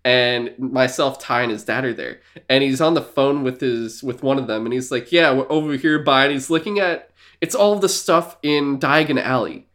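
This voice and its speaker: A young man co-hosting a podcast in casual chat. He tells animated stories, laughing often and swearing freely. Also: mid-range voice, moderate pace. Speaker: podcast co-host.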